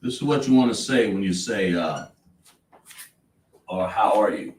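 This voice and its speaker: A man's voice: lowish voice, expressive, a little slow, a little mellow. Echoey distant male teacher quizzing a class. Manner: repetitive, question-and-answer teaching style. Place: classroom with a board.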